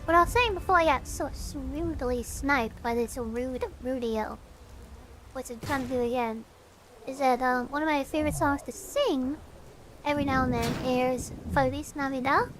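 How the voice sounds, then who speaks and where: Goofy high-voiced vtuber woman. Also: moderate pace, fairly bright tone, slight background noise. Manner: goofy and self-mocking, hums and sings along while playing. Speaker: vtuber streamer. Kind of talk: casual gaming stream chat.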